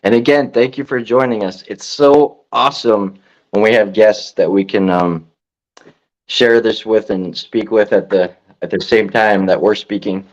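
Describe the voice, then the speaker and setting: A man's voice: fairly low pitch, measured pace. Easygoing man on dull lo-fi audio. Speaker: podcast co-host. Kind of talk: casual chat on a live podcast. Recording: dull lo-fi sound.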